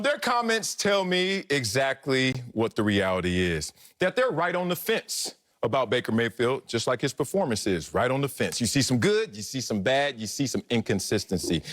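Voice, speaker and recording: A man's voice: very animated, moderate pace, fairly bright tone. A middle-aged man co-hosting a sports talk show, arguing emphatically and playfully. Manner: emphatic, playful, swoops high and low. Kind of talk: animated sports debate.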